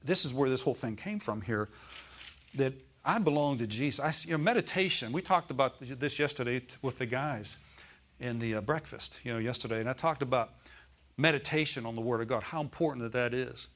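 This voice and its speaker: A man's voice: mid-range voice, brisk, a bit bright. An older man preaching a sermon in a folksy, rambling way, climbing to emphatic declarations when he quotes scripture.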